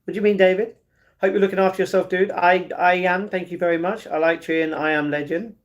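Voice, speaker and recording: A man's voice: sits high, fairly even intonation, dull audio. A man hosting a casual livestream, reading viewer comments aloud and answering them in an easygoing way, often stumbling and restarting his sentences. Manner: chatty and easygoing, with halting restarts. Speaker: livestream host.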